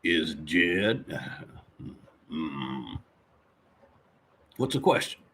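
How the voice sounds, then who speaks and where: A man voicing a folksy, rambling middle-aged handyman who clears his throat often while chatting with viewers. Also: very deep voice, very animated, drawn-out words, fairly bright tone, a little hiss or hum, pitched below the performer's own voice, full character voice. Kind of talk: live-stream character chat reading viewer comments.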